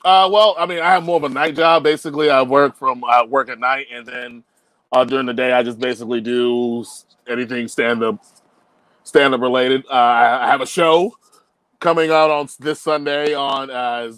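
A stand-up comedian in his thirties, from Liberia, who is animated and laughs through his punchlines. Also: medium pitch, normal speed, no echo. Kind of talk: stand-up set and interview. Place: studio in Los Angeles.

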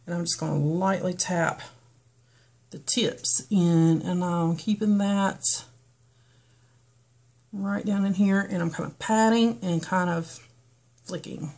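A woman's voice: on the low side, steady tone, takes it slowly, pauses often, darkish tone. A woman with a toned-down North Carolina foothills accent, chatting casually and rambling through a get-ready-with-me beauty vlog. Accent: Southern US, North Carolina foothills, toned down. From western North Carolina, US. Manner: chatty, rambling, frequent ums and restarts. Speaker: beauty vlogger.

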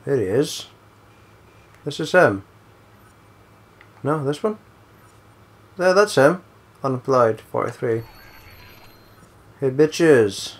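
A man's voice: mid-range voice, animated, slow pace, pauses often. A man giving casual, rambling gameplay commentary, swearing a lot and joking around. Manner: swearing, rambling, jokey, breaks into song. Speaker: let's play gamer.

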